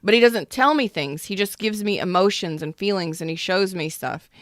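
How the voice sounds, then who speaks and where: A woman's voice: medium pitch, normal speed, dry recording, clean studio sound. A woman in her thirties giving a casual tarot reading, blunt and emphatic, swearing freely. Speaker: tarot reader.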